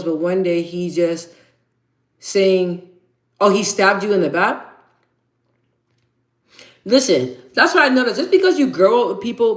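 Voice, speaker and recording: A woman hosting a casual livestream, talking candidly to viewers, reading their comments aloud and repeating phrases for emphasis. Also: mid-range voice. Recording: echoey room.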